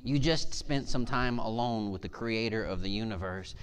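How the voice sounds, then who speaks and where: A man preaching a conversational sermon in church, animated and joking with the congregation. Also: on the low side, moderate pace. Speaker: pastor. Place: church sanctuary.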